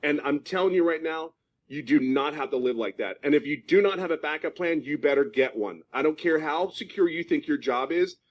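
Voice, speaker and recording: A man's voice: on the high side, brisk. A man in his fifties from California giving a passionate testimonial, emphatic and repeating himself for stress. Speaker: program member giving a testimonial.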